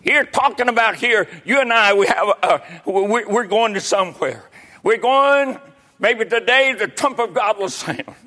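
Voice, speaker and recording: Older male preacher, high and bright, fervent, swinging from shouts to near whispers. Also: lively intonation, measured pace. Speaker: pastor. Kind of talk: sermon.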